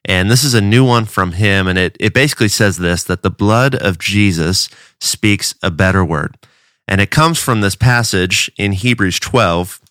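A man's voice: lowish voice, normal speed, a bit bright, no echo, clean studio sound. A man from a church giving a casual devotional talk, earnest and conversational, often restarting his words.

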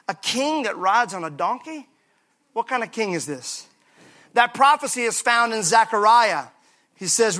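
Pastor, male, high bright voice, energetic, joking sermon with congregation repeating lines. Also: moderate pace. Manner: lively preaching with call-and-response and humor. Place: church sanctuary.

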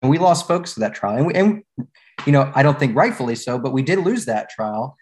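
A man's voice: mid-range voice, a little fast. Laughing middle-aged male storyteller. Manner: relaxed storyteller, laughs and repeats words. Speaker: guest, former law firm managing partner. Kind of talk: storytelling in a podcast interview.

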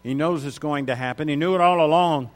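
A man's voice: on the high side, fairly quick. A man preaching a sermon, reading Bible verses aloud and stressing key words with rising emphasis.

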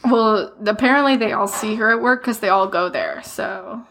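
A woman's voice: mid-range voice, moderate pace, a bit bright, a little hiss or hum. A woman in casual chat, recapping a book with a friend, laughing often and acting out the characters' lines. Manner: laughs often, acts out quotes.

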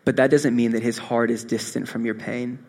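A young man preaching a sermon, earnest and swinging from soft, intimate moments to impassioned rises. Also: medium pitch, level tone, fairly quick. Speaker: pastor.

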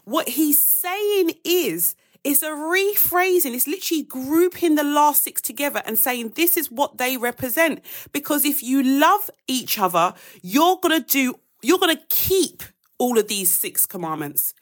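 Woman, high voice, live devotional host; casual Bible teaching, rushes and corrects herself mid-list. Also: lively intonation. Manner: chatty, addresses viewers as guys, rushes and corrects herself. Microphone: phone or webcam on a live stream.

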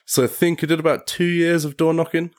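A young man guests on a podcast, spinning rambling, casual stories, laughing often and saying "like" constantly. His voice sits on the high side with little pitch movement, and he talks a little fast.

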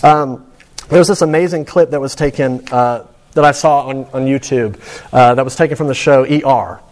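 A man's voice: medium pitch, moderate pace, a little mellow. A man giving a sermon to students in a conversational, storytelling way. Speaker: preacher.

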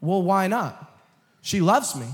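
Young male preacher, joking and then forceful, somewhat high voice, recorded with long hall reverb. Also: sing-song, takes it slowly. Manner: swings from low, quiet asides to loud, emphatic calls; jokes with the congregation and laughs. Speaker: guest preacher. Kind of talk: sermon. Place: church sanctuary.

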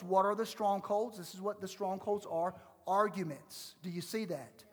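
A man preaching a sermon as pastor, fervent and conversational, swinging between loud exhortation and hushed asides. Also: sits high, steady tone, fairly quick. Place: church sanctuary. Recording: long hall reverb.

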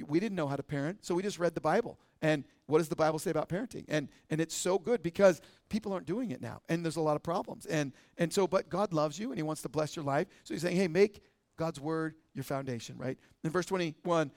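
Casual pastor guy, american, middle-aged, talks easy and keeps asking "right?", kinda high-pitched. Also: quick pace, darkish tone, dry recording, clean studio sound. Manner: conversational, often asks "right?". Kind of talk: sermon.

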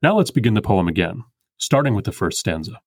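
Low-voiced man explaining poetic meter. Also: sing-song, a little mellow, husky, no room sound, studio quality. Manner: measured, precise, explanatory. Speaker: poetry podcast host. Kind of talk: scripted explanatory commentary.

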